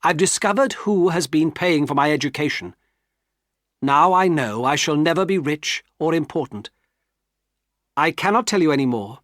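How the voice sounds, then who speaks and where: A man's voice: fairly high pitch, expressive, normal speed, a bit bright, no room sound, pitched above the performer's own voice. A man voicing an earnest, heartbroken young man who pleads with trembling emotion, in a dry storybook reading. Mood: pleading.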